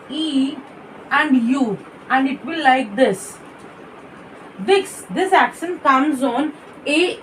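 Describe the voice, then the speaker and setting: High-voiced woman teaching French, slow and patient. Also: a bit bright, far from the mic, slight background noise, poor audio. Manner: patient, repeats words slowly, small slips in English. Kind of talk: explaining a textbook lesson.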